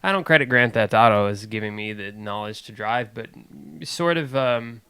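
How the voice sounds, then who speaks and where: A young man co-hosting a podcast, chatting casually and talking in a halting way. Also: fairly low pitch, sharp tone, clean tone, no room sound. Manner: hesitant, halting, with restarts. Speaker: podcast co-host. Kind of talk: casual chat.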